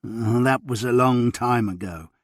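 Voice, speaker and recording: Kindly older gentleman surgeon, coaxing, husky, dry, as a male narrator puts him on. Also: mid-range voice, a little slow, no room sound, natural voice.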